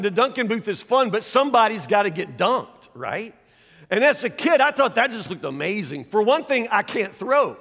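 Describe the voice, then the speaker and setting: A man preaching a sermon, telling a folksy story with animated, loud bursts and saying y'all. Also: high-pitched. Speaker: pastor. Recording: long hall reverb.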